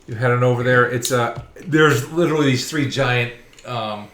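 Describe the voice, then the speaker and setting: A man narrating a tabletop game as game master, setting scenes in a relaxed, chuckling way. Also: mid-range voice, moderate pace. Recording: echoey room.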